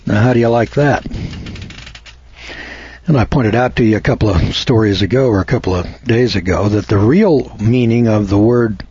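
An American man delivering an opinionated monologue, speaking slowly and deliberately, spelling out words and citing scripture references like a preacher. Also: mid-range voice, a little mellow, slightly rough, no echo, lo-fi sound. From United States. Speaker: commentator.

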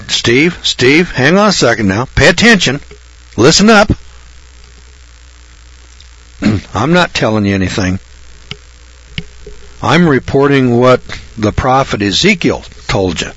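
A man's voice: mid-range voice, big pitch swings, a little slow, pauses often, a bit bright, slightly rough. A man preaching a folksy Bible sermon, blunt and colloquial. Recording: dull lo-fi recording.

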